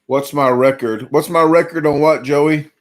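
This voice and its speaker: A man's voice: on the high side, steady tone, normal speed. Chatty man, full after eating. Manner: rambling, chatty, reads out viewer names; full and sluggish after a big eating challenge. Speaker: competitive eater streaming a live chat. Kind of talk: casual live-stream chat.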